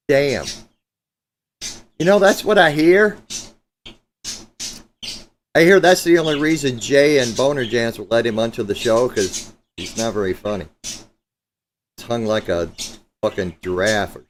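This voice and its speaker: Laid-back guitar streamer, a man mid-pitch. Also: slight background noise. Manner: loose, joking, profane banter. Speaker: guitarist hosting a live stream. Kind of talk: casual live-stream chat. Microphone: streaming setup mic.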